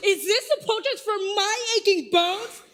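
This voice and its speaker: A woman's voice: very high voice, normal speed, fairly bright tone. A woman acting an older female nurse in a live stage play, rambling and teasing with frequent groans and sighs. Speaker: stage actor. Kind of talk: live stage drama performance.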